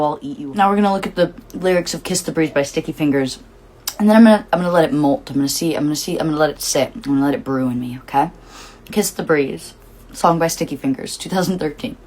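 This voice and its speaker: A woman's voice: sits low, fast, darkish tone. A woman hosting her own show, rambling casually and eagerly, with lots of "like" fillers. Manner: rambling, full of "like" fillers, enthusiastic. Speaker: host. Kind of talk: casual musing monologue.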